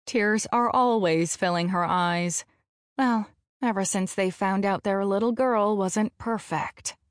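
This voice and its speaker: A woman narrating a first-person audiobook in a slow, measured delivery, frank and casually profane. Her voice sits at a middling pitch and is recorded close on a studio mic. The sound is very dry. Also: no echo.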